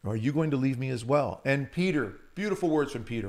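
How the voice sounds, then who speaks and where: A man preaching a Catholic sermon with passion, moving between loud emphasis and hushed asides. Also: medium pitch, lively intonation, fast.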